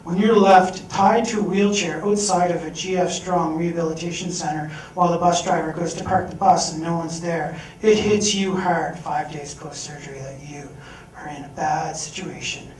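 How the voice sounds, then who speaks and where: A young man speaking on stage at a fundraising event, telling a personal story in an earnest, animated way. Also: a little high, normal speed. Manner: earnest, animated storytelling with strong rises in volume. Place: event hall. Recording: roomy hall sound picked up from a distance.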